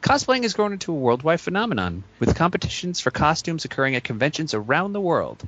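A man's voice: fairly high pitch, big pitch swings, fast talker, a bit bright, highs cut off. A man co-hosting a podcast, speaking in a dry, wry way. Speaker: podcast co-host, researcher. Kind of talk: casual podcast chat.

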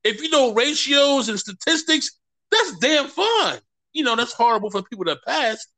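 Speaking at normal speed in an extremely high pitch, a male podcast guest tells stories in a lively, casual conversation, voicing the quotes of the people involved.

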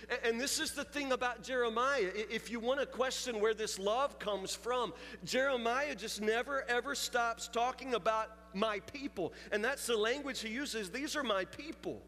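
A man with a high voice delivers a sermon, telling a story with confessional candor and building force. His words ring out with a long hall reverb, and soft music plays underneath. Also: normal speed, few pauses. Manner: storytelling, confessional, rising intensity. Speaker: preacher.

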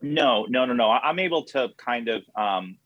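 A man's voice: mid-range voice, expressive, normal speed, no room sound, lo-fi sound. A man in an improvised comedy interview, telling rambling, self-deprecating stories and putting on silly voices.

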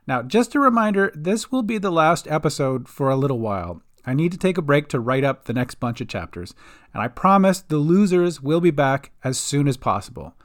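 A man hosting and narrating his own homemade storybook podcast in a friendly, lively way. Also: a little high. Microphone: homemade setup.

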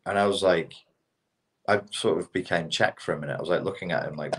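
Deep-voiced British man, animated ranting. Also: fast talker. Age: middle-aged. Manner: animated, ranting, swears freely. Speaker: podcast co-host. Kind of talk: casual podcast chat.

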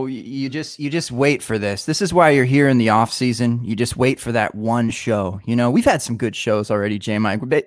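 A man's voice: mid-range voice, no echo, clean studio sound. A man co-hosting a podcast, joking and rambling in casual chat. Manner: laid-back, joking, rambling. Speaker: podcast co-host.

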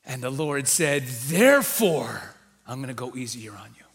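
A man, a rabbi, preaching a sermon in a church, teaching with animated emphasis and acting out quoted voices. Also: medium pitch, a little slow.

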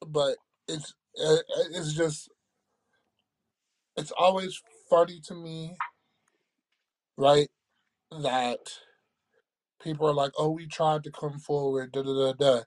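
A man co-hosting a casual podcast, talking in a measured, reflective way and often checking in with "right?". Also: fairly high pitch, steady tone. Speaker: podcast co-host. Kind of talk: casual chat.

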